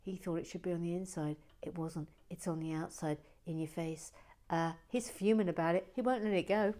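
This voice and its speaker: A woman's voice: fairly low pitch, brisk, dark tone. A woman chatting casually while she builds a toy set and reads out viewer comments, teasing and giggling as she goes. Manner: playful, teasing, giggly asides.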